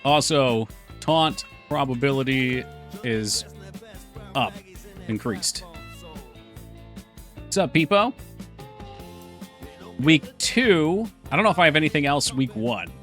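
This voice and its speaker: A man's voice: medium pitch, expressive, slow, pauses often, fairly bright tone. A man chatting casually on a live stream while working on his game, thinking aloud and answering chat. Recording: faint music behind voice.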